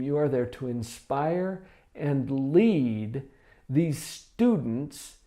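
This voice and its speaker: A man presenting a countdown of classroom behaviour strategies in a calm, measured teaching tone, acting out quoted speech with sudden jumps in pitch. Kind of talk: scripted countdown talk.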